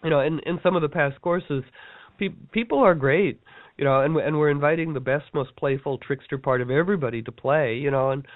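Man, workshop teacher, playful storyteller who acts out quotes; fairly high voice; thin phone-line sound. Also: fairly quick, no echo. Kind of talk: casual storytelling talk. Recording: dry tinny phone-like line.

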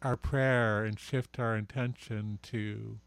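A man speaking as a guest, slow and reflective, his words measured and unhurried. His voice is smooth and resonant, recorded dry and close. He is recovering from surgery. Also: on the low side, fairly even intonation, no room sound. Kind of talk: reflective spiritual talk.

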